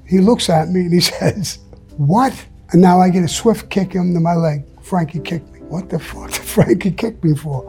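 A man's voice: high-pitched, moderate pace, creaky, mellow, soft background music. A man who talks bluntly and profanely as an interview guest, telling stories. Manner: profane, blunt storyteller who acts out quotes. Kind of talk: storytelling in casual interview.

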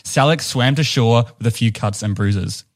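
A man with a New Zealand accent co-hosts a relaxed podcast. He tells a story in a chatty way, chuckling now and then as he goes. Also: medium pitch, normal speed. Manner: chatty, laughs while telling stories. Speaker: podcast co-host. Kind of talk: casual storytelling chat.

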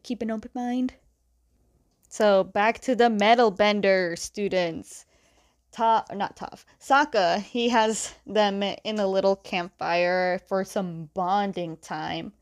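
A woman's voice: mid-range voice, steady tone, takes it slowly. A young woman casually retelling a comic's plot, chatty, with fillers and giggles. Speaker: comic recap host.

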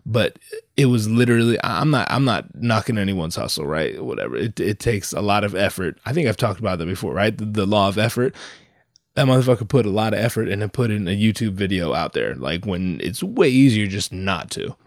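A man's voice: on the low side, expressive, normal speed, dry recording, clean studio sound. A young man hosting his own podcast alone, talking in a rambling, profane, self-mocking way while he is sick and sounds a bit nasal. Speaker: solo podcast host. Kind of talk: rambling casual monologue. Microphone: headphones and microphone.

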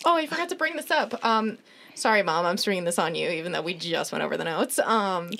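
A woman's voice: lowish voice, expressive, brisk, gravelly, a bit bright, slight background noise. A young woman hosting a podcast, giving frank, chatty advice in casual talk. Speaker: podcast host. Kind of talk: casual chat.

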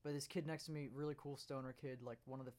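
A young man in a relaxed chat, spinning a story with lots of swearing and bursts of laughter. His voice sits at an ordinary middle pitch and he speaks loosely and casually. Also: fast talker.

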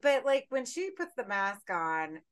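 A woman co-hosting a podcast in casual chat, telling stories in an animated way, laughing and swearing freely. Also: a little high, measured pace, background noise. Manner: animated, laughing, profane storytelling. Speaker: podcast co-host.

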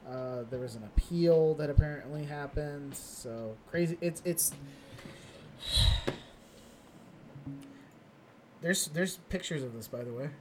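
A man's voice: a little high, measured pace, a little hiss or hum. A man co-hosting a casual news podcast, rambling through stories with lots of fillers and restarts. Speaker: podcast co-host.

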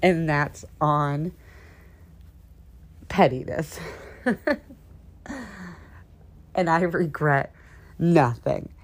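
A woman in her thirties hosting a podcast, telling a story in a sassy, petty and animated way. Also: deep voice, very slow, long pauses. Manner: sassy, petty, animated storyteller who calls listeners honey. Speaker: podcast host. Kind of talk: casual storytelling monologue.

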